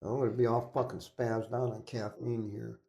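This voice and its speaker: A man's voice: medium pitch, flat delivery, normal speed, creaky, warm tone. Rambling, foul-mouthed man telling stories. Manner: crude, profane, rambling. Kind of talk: casual storytelling.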